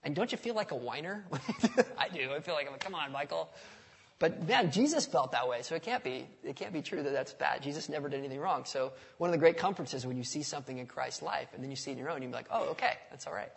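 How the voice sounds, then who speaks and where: A pastor talks fast with few pauses, his voice a little high, expressive, creaky and husky. He preaches conversationally and keeps asking the congregation questions, while a large hall lends a long reverb.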